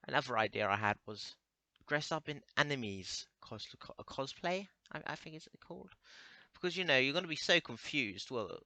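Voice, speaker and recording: A man's voice: medium pitch, pushed and bright, no room sound. A young man rambling through a crude comedic monologue, stammering and restarting often.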